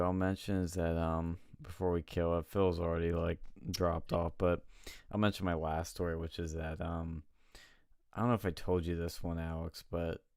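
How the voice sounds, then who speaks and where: Deep-voiced young man telling stories. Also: clear, resonant tone, no room sound, clean studio sound. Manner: animated anecdote teller, quotes people in voices, laughs often. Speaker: podcast co-host. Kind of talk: casual storytelling chat.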